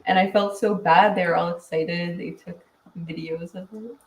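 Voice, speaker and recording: A woman with a lowish voice and fairly even intonation hosts a relaxed livestream at normal speed. Chatty and quick to laugh, she reads viewer comments while seeming tired and winding down. An echoey room and distant mic shape the sound.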